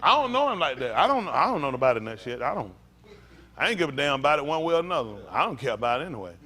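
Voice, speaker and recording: A man's voice: on the high side, very animated, racing, bright, forceful tone. A man preaching as a pastor in a blunt, profane, rambling informal sermon.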